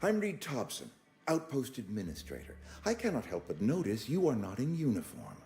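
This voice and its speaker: A pompous, florid colony administrator. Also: male voice, mid-range voice, huge pitch swings, moderate pace, darkish tone, soft background music. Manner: florid, overly formal and pompous. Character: pompous, fussy male colony administrator, middle-aged. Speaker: outpost administrator. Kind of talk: video game dialogue.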